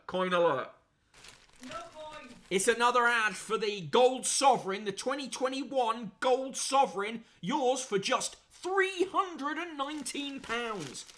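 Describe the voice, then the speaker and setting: A man's voice: high voice, bright, forceful tone, slight background noise. A man hosting a newspaper review show, reading items aloud with sardonic, sweary asides and frequent fillers. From United Kingdom. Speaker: host.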